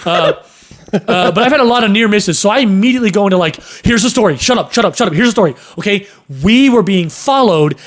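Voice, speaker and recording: A young man casually telling a story on a podcast, animated, cursing and acting out sounds and voices. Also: high-pitched. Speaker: podcast host.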